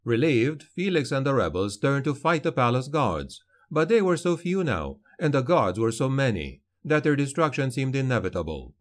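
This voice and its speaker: A man's voice: mid-range voice, sing-song. Dramatic male fantasy narrator. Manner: dramatic, measured storytelling. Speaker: audiobook narrator.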